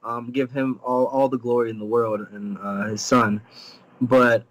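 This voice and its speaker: A young man from Jamaica, a fighter on a live video-call interview, telling stories in a laughing, animated way. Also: medium pitch, unhurried. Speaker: UFC fighter guest. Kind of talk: casual live interview chat.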